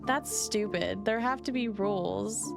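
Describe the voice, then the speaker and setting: A woman's voice: medium pitch, measured pace, gravelly, over music. A woman reading the lines of a stubborn female ex-warrior who runs a tea shop, bossy and indignant.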